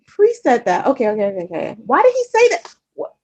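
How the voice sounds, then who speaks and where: A very high-pitched woman with wildly swooping pitch and a darkish tone talks fast on a muffled recording. She's a vlogger going through viewer comments in casual chat, frank and chatty, often swearing, and full of fillers and repeats.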